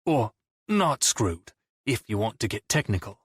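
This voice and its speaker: A man's voice: fairly low pitch, very animated, measured pace, fairly bright tone, breathy edge, dry recording, clean studio sound, full character voice. A man voicing a teasing male bandmate with a wry, blunt way of talking.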